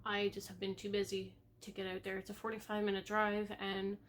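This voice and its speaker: A young woman talking casually to camera in a hobby vlog, rambling with lots of ums, laughing softly and getting a little emotional. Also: mid-range voice, monotone, fairly quick, slight background noise. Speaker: cross-stitch vlogger.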